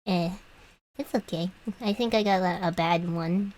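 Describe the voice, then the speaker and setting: A woman's voice: lowish voice, unhurried, a little mellow, poor audio. A young adult woman chatting casually as a streamer while she draws, rambling and giggly with many restarts, speaking from her room at home. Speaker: VTuber artist streamer. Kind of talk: casual chat while drawing.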